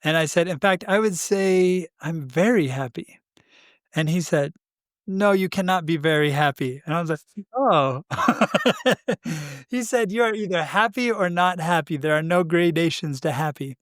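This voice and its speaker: A man co-hosting a podcast, telling a story in a casual, animated way, acting out quoted dialogue and laughing often. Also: a little high, unhurried, dry recording, clean studio sound. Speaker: podcast co-host.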